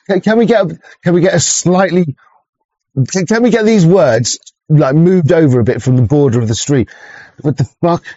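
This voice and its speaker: A man's voice: mid-range voice, mellow, breathy edge, no echo. Man, livestream host, casual rambling, stop-start, swears a lot, lo-fi dry sound. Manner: sweary, stop-start, chuckling, greets chatters.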